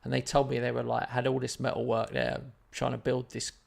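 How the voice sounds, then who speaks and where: A man's voice: medium pitch, level tone, fairly quick, vocal fry. A man telling a story in casual chat on his live stream, rambling and self-deprecating.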